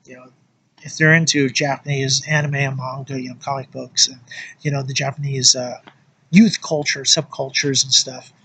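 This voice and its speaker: A man's voice: mid-range voice, little pitch movement, normal speed, sharp tone, husky, low-quality recording. A man talking casually in a vlog, ranting with lots of swearing and fillers like "you know" and "like". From United States. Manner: profane, angry rant with frequent fillers. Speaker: vlogger.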